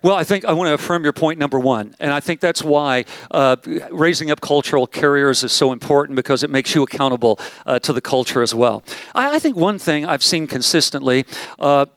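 A man's voice: fairly high pitch, lively intonation, brisk, fairly bright tone, dry recording. Emphatic pastor man, dry close sound. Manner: emphatic, repeats key phrases. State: out of breath. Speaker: pastor leading a conference session. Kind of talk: conference talk with Q&A. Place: large room with audience.

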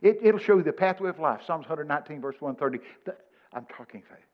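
A preacher in his seventies delivers a folksy sermon, weaving scripture into lively stories. His voice sits somewhat high for a man. The recording is dull and lo-fi. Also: fast talker. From Texas. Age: 70s. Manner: folksy, animated storytelling with scripture quotes.

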